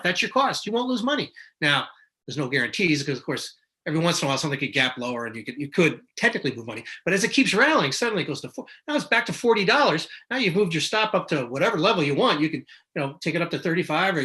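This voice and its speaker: This middle-aged market analyst has a slightly high, sharp voice. His casual explanatory talk rambles, with frequent restarts and self-corrections plus the odd impression of panicked investors.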